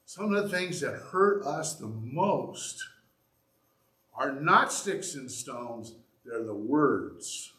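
A man preaching a sermon, animated and acting out little examples as he goes. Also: medium pitch, slow. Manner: animated, acts out examples with shifts in loudness. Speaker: pastor. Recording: echoey room.

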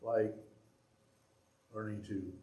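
Animated preacher man, echoey room. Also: on the low side, extremely slow, lo-fi sound. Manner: animated, acts out examples with shifts in loudness. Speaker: pastor. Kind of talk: sermon.

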